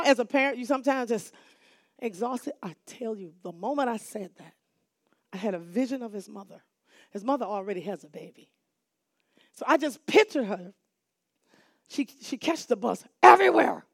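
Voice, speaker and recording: A middle-aged woman telling a lively, dramatic testimony to a church audience. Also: fairly high pitch, moderate pace, gravelly, long pauses, no room sound, studio quality. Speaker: church speaker giving a testimony. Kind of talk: animated testimony storytelling.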